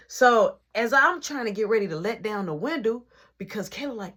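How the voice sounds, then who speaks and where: A woman telling a personal story in an animated way, often dropping into whispers. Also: on the high side, normal speed. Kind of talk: storytime vlog.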